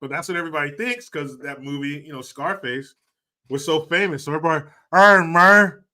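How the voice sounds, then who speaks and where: Man, livestream host, crude jokes, laughs a lot, somewhat high voice, sharp bright tone. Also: animated, fast talker. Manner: crude, joking, laughs often, reads viewer donations. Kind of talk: casual livestream commentary.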